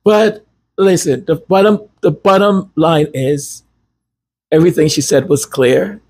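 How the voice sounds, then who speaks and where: A man's voice: fairly high pitch, measured pace, a little mellow, breathy edge. A man whose first language is Spanish, hosting a casual, rambling commentary monologue with self-deprecating asides. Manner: chatty, digressive, self-deprecating. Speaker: commentary channel host.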